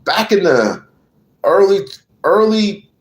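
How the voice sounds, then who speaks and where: Slow, animated man ranting. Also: high-pitched. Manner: profane, emphatic, repeats phrases. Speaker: political commentator. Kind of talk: heated political rant to camera.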